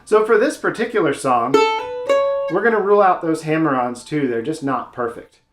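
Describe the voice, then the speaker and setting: A man's voice: a little high, expressive, moderate pace, faint music behind. A man teaching mandolin technique step by step, friendly and casual, with playful asides. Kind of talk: instructional video lesson. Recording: roomy sound with loud mandolin playing. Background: mandolin playing.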